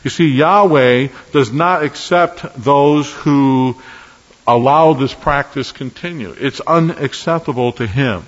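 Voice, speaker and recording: Male pastor, earnest emphatic sermon delivery, long hall reverb, slightly muffled sound. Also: medium pitch. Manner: earnest, emphatic preaching with measured pauses.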